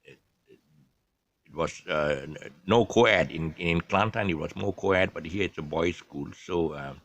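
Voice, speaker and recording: An older man from Malaysia with a Malaysian English accent, telling stories in a casual, rambling way with many pauses and chuckles. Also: low-pitched, a bit bright, no room sound. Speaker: vlogger. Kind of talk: casual storytelling monologue.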